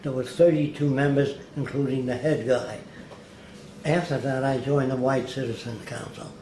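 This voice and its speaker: A man's voice: mid-range voice, normal speed. A man telling anecdotes as an interview guest, acting out the people he quotes. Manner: lively storyteller who acts out quoted people. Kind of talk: anecdotal storytelling. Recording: echoey room with faint hiss.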